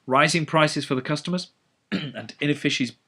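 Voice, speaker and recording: A man giving an educational economics lecture, animated and full of sardonic asides. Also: a little high, moderate pace, husky.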